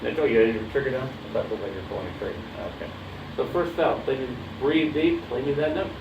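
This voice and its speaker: A man's voice: medium pitch, quick pace, gravelly. Male music teacher, casual coaching delivery; distant dull mic, noisy roomy space. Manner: coaching, checks understanding often. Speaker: horn teacher. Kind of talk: casual one-on-one instruction.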